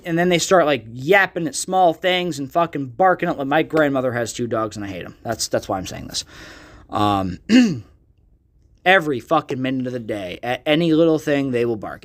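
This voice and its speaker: A young man with a fairly high, very animated voice, ranting with constant profanity on his solo podcast. His talk is loose, joking and self-deprecating, and it jumps around as he goes. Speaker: podcast host and magician. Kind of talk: casual solo podcast rant. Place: art gallery.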